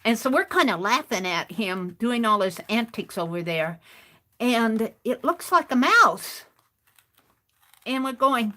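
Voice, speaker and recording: A woman hosts a craft stream and tells a meandering story in a relaxed, chatty manner. Her voice sits a little high and moves freely up and down in pitch. She often doubles back and restarts her sentences as she goes. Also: a little slow. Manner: rambling, chatty, restarts phrases. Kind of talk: casual storytelling while crafting.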